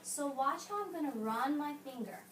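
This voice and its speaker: A woman teacher with a high voice patiently reads a picture book aloud to young children, coaching them through each word. She often hushes the kids to keep them quiet. The recording is roomy and distant, with soft background noise. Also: lively intonation, moderate pace. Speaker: elementary school teacher. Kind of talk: reading a picture book aloud and modeling strategies. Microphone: camera some distance away. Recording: roomy classroom sound, distant mic.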